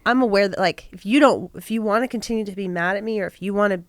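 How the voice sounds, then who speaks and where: A woman's voice: mid-range voice, fast, dry recording. A woman co-hosts a relationship talk show in a mid-range voice. She talks frankly and casually, with some swearing. The recording is close and dry. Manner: frank, profane, self-accountable. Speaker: podcast co-host. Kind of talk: candid casual chat.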